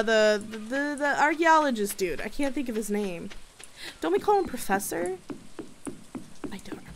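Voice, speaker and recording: A young woman casually commentating her gameplay, bubbly and excitable and chatting to her viewers. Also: fairly high pitch, a little hiss or hum. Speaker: gaming video host.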